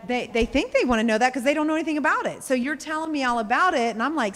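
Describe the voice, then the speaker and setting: A woman sales coach giving a workshop talk, direct and animated, acting out examples to the group. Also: sits high, rapid-fire, hardly any pauses, a little hiss or hum. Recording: echoey hall.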